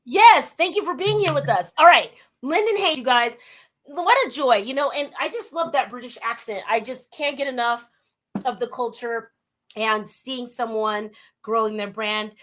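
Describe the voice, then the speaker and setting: Speaking at a moderate pace in a slightly high, somewhat bright voice, a woman hosts a radio talk show interview via video call from her den at home. She's effusive and cheerful, chatty and full of filler words.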